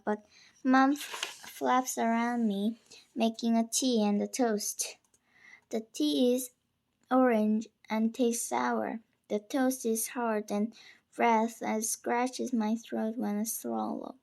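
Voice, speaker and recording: A woman reads a first-person story aloud at a slow, careful pace. Her voice sits a little high, and she sometimes trips on a word and starts it again. The reading feels homemade rather than polished. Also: vocal fry, a little mellow. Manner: unpolished reading with small stumbles and restarts.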